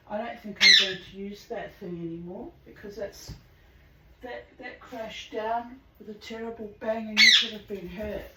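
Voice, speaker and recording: A woman's voice: medium pitch, steady tone, moderate pace, reverberant, very noisy. A woman reading aloud at home in a casual, frank way that is full of swearing, with pet birds around her. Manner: frank and earthy, swears freely. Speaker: channel host reading aloud.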